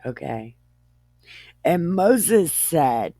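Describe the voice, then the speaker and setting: Slow, giggly woman reading scripture. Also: a bass voice, animated, gravelly, warm tone, no echo. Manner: giggly, stumbles over words and jokes as she reads. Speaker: Bible reader. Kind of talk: irreverent comedic Bible reading.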